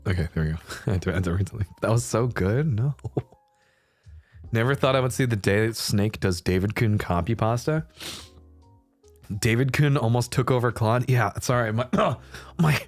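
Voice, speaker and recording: A man's voice: mid-range voice, moderate pace, long pauses, no echo, soft background music. A young man chatting casually on a livestream. He laughs often and swears freely. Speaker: streamer.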